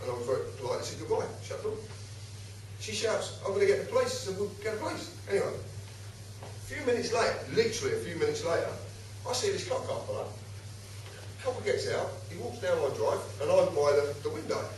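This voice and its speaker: A man's voice: high voice, quick pace, pauses often, a little hiss or hum. A man telling a story to a live audience at home, acting out both sides and swearing freely. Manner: animated, swearing, acts out both sides of his stories. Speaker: speaker giving a public talk. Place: home, recorded in a reverberant room. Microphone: far camera. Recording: very echoey room, camera from far off.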